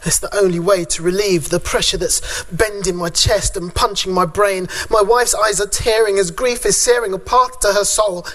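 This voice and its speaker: A man performing a spoken word poem at a conference, reciting in a rhythmic way with long dramatic pauses. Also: high voice, steady tone, fairly bright tone. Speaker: father speaking at a conference.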